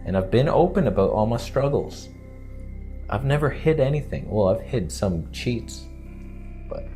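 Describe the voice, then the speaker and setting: A man's voice: mid-range voice, dark tone. A man vlogging in a casual, candid and joking way, rambling from point to point. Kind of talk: casual vlog monologue.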